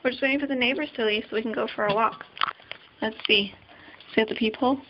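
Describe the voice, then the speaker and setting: A woman's voice: fairly high pitch, steady tone, fast talker, background noise. A woman vlogging at home, chatting casually and cooing baby talk to her pet dogs in a hallway. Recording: dull lo-fi home camera audio.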